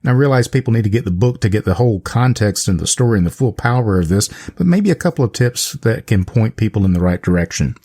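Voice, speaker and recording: Brief: deep-voiced male podcast host, measured and supportive. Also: lively intonation, dark tone. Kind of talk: interview hosting.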